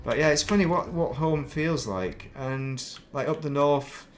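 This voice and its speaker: A middle-aged man with a softened northern English accent, chatting casually and rambling while streaming a game. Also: on the high side, unhurried, a little hiss or hum. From northern England. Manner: rambling, thinks aloud, laughs at himself. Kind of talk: casual chat while playing.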